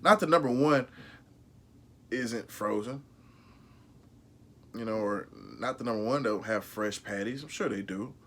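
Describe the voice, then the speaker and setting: Man, casual review, emphatic and slangy, bright tone. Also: medium pitch, measured pace, long pauses. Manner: emphatic, slangy and profane, repeats himself. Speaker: food reviewer vlogger.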